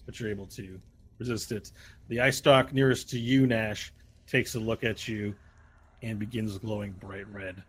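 Man, dungeon master, lively narration, sound effects, middling pitch, faint background noise. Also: moderate pace. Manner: vivid, animated narration with sound effects and restarts. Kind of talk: narrating a tabletop game.

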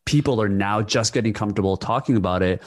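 A man hosting a podcast interview, relaxed and supportive, talking casually with words like "dude" and "like". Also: lowish voice, fast talker. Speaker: podcast host.

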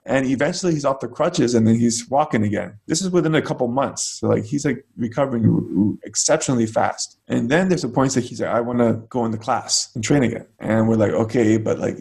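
A man with a gravelly, creaky voice at an ordinary middle pitch tells a long story about a student. He talks casually and loosely, full of fillers, in the manner of a martial arts coach being interviewed. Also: darkish tone.

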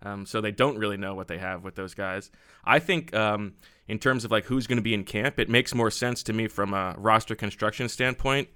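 Lower-voiced man, crisp and dry. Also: bright, forceful tone, no room sound. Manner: joking, quick asides. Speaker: sports podcast co-host. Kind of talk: casual sports podcast chat.

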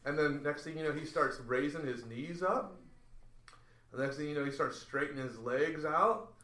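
On a podcast, a male guest with a fairly high voice tells a story at a moderate pace, acting out the quoted lines with lively energy. His voice sounds reverberant.

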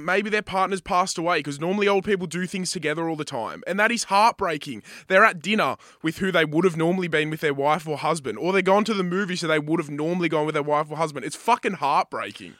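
A young man with an Australian accent talks in casual, heated podcast banter, swearing freely as he argues his side. His voice is bright and forceful with a slightly raised pitch, recorded close and dry with no room sound. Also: expressive, brisk, hardly any pauses, no echo. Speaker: podcast co-host. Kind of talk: casual chat.

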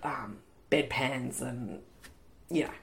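A woman's voice: rumbling low, takes it slowly, creaky. A woman, co-hosting a podcast in casual chat and telling stories with acted-out voices. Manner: animated storyteller, acts out voices. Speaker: podcast co-host.

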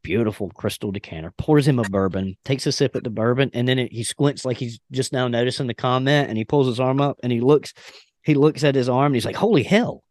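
A man's voice: mid-range voice, fast, darkish tone, no room sound. Easygoing man hosting a podcast. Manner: easygoing, folksy, joking. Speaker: podcast host. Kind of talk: casual chat.

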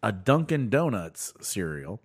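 A man's voice: lowish voice, a little slow, husky. A man co-hosting a podcast, chatting casually and joking with crude humor while reading out a list. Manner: animated, jokey, profane, reads out lists. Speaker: podcast co-host. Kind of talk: casual chat.

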